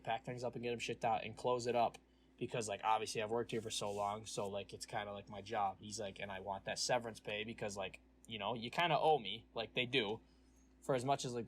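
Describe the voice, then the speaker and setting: A young man rants through a workplace story on a casual podcast, swearing freely and slipping into the voices of the people he quotes. His voice sits at a middling pitch. A faint hiss of noise runs underneath. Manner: ranting storytelling, profane, acts out quoted voices. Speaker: podcast host. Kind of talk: casual chat.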